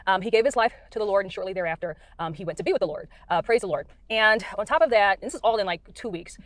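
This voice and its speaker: A woman's voice: mid-range voice, fast, dry recording. A middle-aged woman from the United States, recording in her car, earnestly telling about her dreams in a rambling way with many fillers. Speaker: Christian speaker sharing dreams. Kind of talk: casual testimony.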